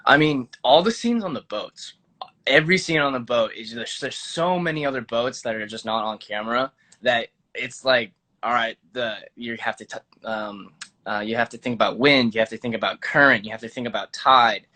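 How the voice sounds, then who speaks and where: A man's voice: mid-range voice, normal speed, bright, forceful tone. A young man in his twenties, an actor guest talking casually in an interview, rambling with lots of fillers and restarts.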